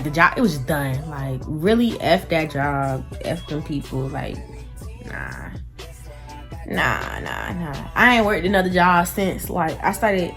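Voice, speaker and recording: Teenage girl, casual storytime vlogger; lower-pitched, animated and chatty, light music underneath. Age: teens. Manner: chatty and animated, talks straight to viewers.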